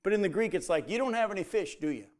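A man's voice: sits high, expressive, fast talker, darkish tone. A man preaching a sermon, telling the story and acting out the quoted lines as dialogue.

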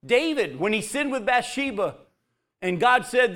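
A man giving a conversational sermon who acts out the quotes and drops to a soft voice near the end. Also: high voice, sing-song, normal speed. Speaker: preacher.

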